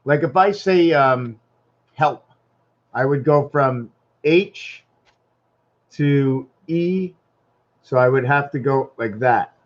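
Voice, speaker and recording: A man's voice: medium pitch, slow pace, pauses often, dull audio. A man rambling in a casual vlog monologue at home, thinking aloud and wandering from topic to topic. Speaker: vlogger.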